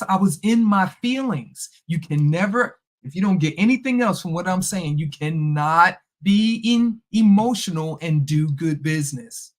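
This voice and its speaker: A middle-aged woman talks through a personal story in a relaxed, chatty monologue. She is animated and keeps slipping into the voices of the people in her story. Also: fairly low pitch, normal speed, hardly any pauses. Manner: animated, acts out past conversations. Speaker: podcast host.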